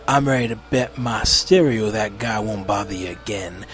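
A man voicing a laid-back, teasing male robot who talks in a deep, lazy drawl. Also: soft background music, lightly acted. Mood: amused. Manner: casual, unhurried, smug.

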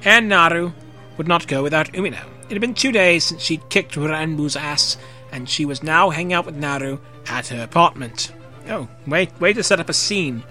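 A man's voice: a little high, normal speed, pushed and bright, faint music behind. A young man reading fan fiction aloud in a casual way, breaking off for jokey asides. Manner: casual, jokey, swears freely.

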